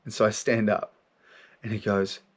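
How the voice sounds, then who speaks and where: A man's voice: lowish voice, little pitch movement, normal speed, husky. Male podcast host, candid monologue, heavy swearing, stumbling repeats. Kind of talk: personal storytelling monologue.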